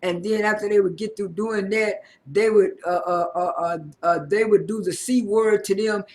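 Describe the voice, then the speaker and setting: Guy with a high voice recapping a tv episode, lots of uh and repeats, stumbles through it. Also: steady tone, a little mellow. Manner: halting, heavy fillers and repeated words; retells scenes by quoting people. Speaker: YouTube recapper of a reality show. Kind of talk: casual spoken recap.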